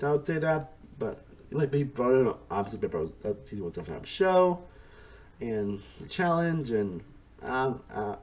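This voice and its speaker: Rambling male reviewer, lively pitch. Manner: rambling, repeats himself, says "honestly" often. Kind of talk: casual spoken review.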